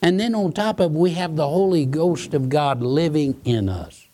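A man's voice: a little high, moderate pace, dark tone. A man preaching a sermon, earnest and given to repeating his words. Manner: earnest, repeats words, quotes scripture and hymns.

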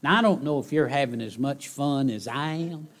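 During a church service, a man preaches a sermon to the congregation, repeating key phrases and swinging between loud outbursts and hushed lines. He has a mid-range voice and speaks at normal speed.

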